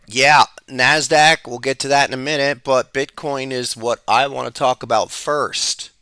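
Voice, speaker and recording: A man's voice: medium pitch, pushed and bright, smooth, no echo, studio quality. Strained-voiced man hosting on the road. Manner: folksy, greets chat by name. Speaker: podcast host. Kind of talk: casual live-stream market talk. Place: outdoors, on the road.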